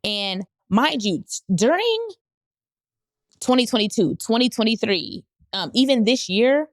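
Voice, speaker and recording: A woman podcast host telling a candid personal story, animated and leaping up in pitch when she quotes people. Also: measured pace, dry recording, clean studio sound. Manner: animated, jumps high when quoting people.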